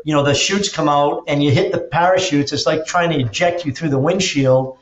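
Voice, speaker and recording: A man guest on a podcast, an energetic storyteller who acts out quotes and restarts his sentences often. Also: fairly high pitch, a little fast. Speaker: podcast guest, auto dealer and drag racer. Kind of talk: casual interview talk. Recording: roomy, dull lo-fi sound.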